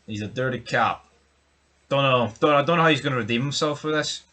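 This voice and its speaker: A man's voice: mid-range voice, fairly quick, bright, forceful tone. A man co-hosting a TV review podcast, bantering casually with crude jokes and what-if musings. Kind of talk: casual chat.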